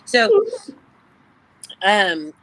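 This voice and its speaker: A woman in her thirties, a guest telling stories in a casual, profane way and acting out quoted lines in loud, high voices. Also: wildly swooping pitch, drawn-out words, a little hiss or hum. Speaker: celebrity guest. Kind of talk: casual storytelling chat.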